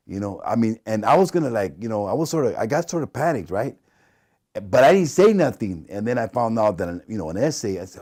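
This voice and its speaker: Middle-aged man, interview subject; low, warm voice, animated storyteller who acts out the dialogue. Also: fast. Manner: animated, acts out quoted dialogue, laughs often.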